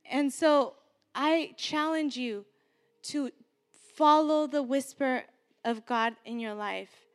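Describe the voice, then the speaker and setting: A woman's voice: high voice, takes it slowly, in a large hall. A woman preacher giving an earnest, exhorting sermon and repeating key phrases for emphasis.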